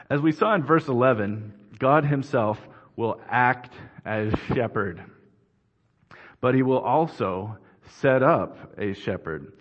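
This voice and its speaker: Male preacher in a reverberant hall. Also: mid-range voice. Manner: measured, earnest expository preaching. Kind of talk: sermon. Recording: dull, reverberant hall recording.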